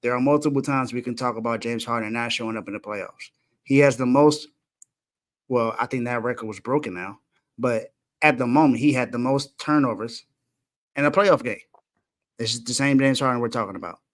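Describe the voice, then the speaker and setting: A man's voice: mid-range voice, fairly quick. Emphatic man arguing a sports point. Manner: builds a case point by point, emphatic. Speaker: sports podcast co-host. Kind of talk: casual sports talk.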